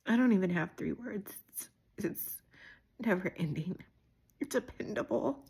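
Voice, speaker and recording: A woman giving an emotional birthday tribute to her younger sister, halting and often dropping to a whisper. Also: mid-range voice, expressive, gravelly, darkish tone, husky. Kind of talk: recorded personal birthday message.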